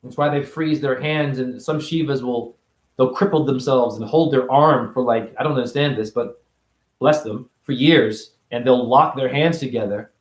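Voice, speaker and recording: A man giving a rambling spiritual monologue, free-associating and preachy, jumping between high exclamations and low mutters. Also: moderate pace, reverberant. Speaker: spiritual teacher.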